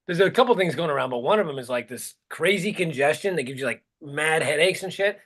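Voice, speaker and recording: A man's voice: a little high, expressive, fast talker, a bit bright. A man co-hosting a podcast, ranting in a heated, profane, rambling way. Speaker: podcast co-host. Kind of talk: casual chat, ranting.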